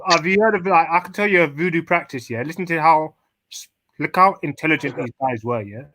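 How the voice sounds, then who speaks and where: Bright slangy man chatting. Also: fairly high pitch, dry recording. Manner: rambling, slangy, laughs often. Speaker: podcast co-host. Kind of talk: casual chat.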